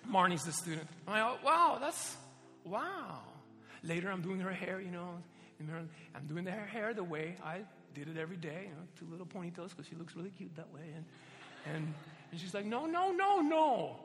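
A man preaching a sermon, telling personal stories in an animated way and laughing often. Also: sits high, fast talker, big-room sound, faint music behind.

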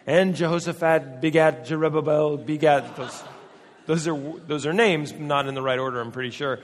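A pastor delivers a humorous sermon in a church hall, his slightly high voice moving at a moderate pace. He keeps it conversational and jokey, acting out the voices of people he quotes, and the hall adds a long reverb.

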